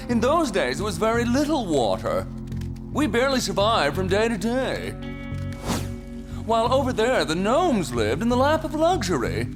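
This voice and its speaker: A man's voice: high-pitched, exaggerated voice. A man voicing a prim, pompous alien leader in a cartoon, with music underneath. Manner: formal, pompous.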